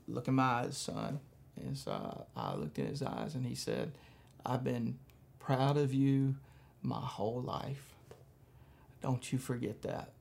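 A man pastor telling a personal story in a church message, soft-spoken and halting, with frequent fillers. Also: mid-range voice, gravelly.

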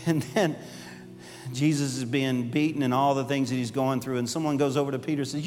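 A man's voice: mid-range voice, fairly even intonation, brisk, a little mellow. A man preaching a sermon as a pastor, telling stories animatedly and acting out the voices he quotes. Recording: long hall reverb, faint music behind.

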